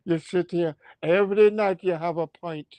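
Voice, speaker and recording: A man's voice: sits high, fairly even intonation, normal speed, dark tone, no room sound, lightly acted. A man voicing a furious Scottish woman, berating her husband in a profane, outraged Scottish accent. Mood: scolding.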